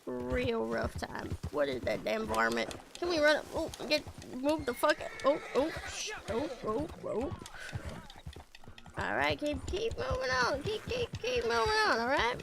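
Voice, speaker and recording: A woman's voice: high-pitched, wildly swooping pitch, a little slow, gravelly, noisy background, exaggerated voice. A woman streaming a game in character as a bashful male cowboy outlaw, stammering and rambling with frequent laughs.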